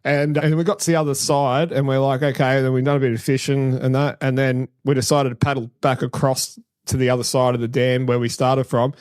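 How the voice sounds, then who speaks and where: A man's voice: medium pitch, level tone, a little fast, few pauses, a little mellow, smooth, dry recording. A middle-aged Australian man co-hosting a podcast, telling rambling, sweary stories in casual chat with the odd laugh. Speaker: podcast co-host.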